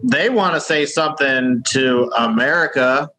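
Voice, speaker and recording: A man doing a deadpan, halting correspondent bit in an improvised comedy segment, talking over a remote call. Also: mid-range voice, voice pushed down.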